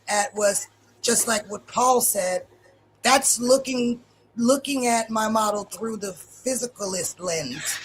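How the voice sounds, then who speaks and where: A woman's voice: a little high, a little slow, slight background noise, poor audio. Blunt woman in a debate. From Germany. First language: German. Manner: blunt, swears casually. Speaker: debate panelist. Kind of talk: live debate.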